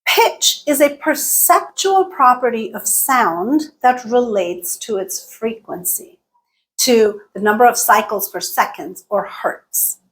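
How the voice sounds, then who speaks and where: A woman teaching English pronunciation in an online lesson, explaining clearly and steadily and checking in with "right?". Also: a little high, expressive, takes it slowly, a bit bright.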